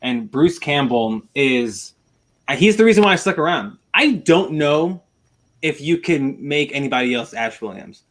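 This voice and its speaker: Excited man, slightly higher voice. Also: moderate pace. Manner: enthusiastic, rambling, repeats himself. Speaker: podcast panelist. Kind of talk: casual film discussion.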